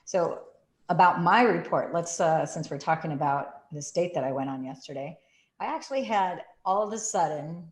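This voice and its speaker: A woman telling a story in a casual way, acting out the quotes with big jumps in pitch. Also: normal speed. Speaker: group participant sharing a story. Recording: roomy echo.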